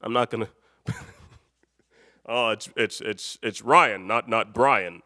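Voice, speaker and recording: A man's voice: fairly low pitch, slow, pauses often, bright, forceful tone, dry recording, clean studio sound. A man from Chicago hosting a late-night live stream, rambling and joking with the chat and laughing often. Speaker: live show host.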